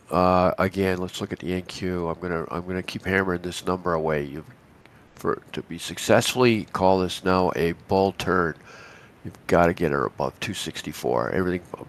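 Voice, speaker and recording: On a live futures trading stream, a Canadian co-host rambles chattily through market commentary, frequently restarting sentences and wandering into asides. His very low, gravelly voice is raspy and hoarse from a head cold, at normal speed with slight background noise.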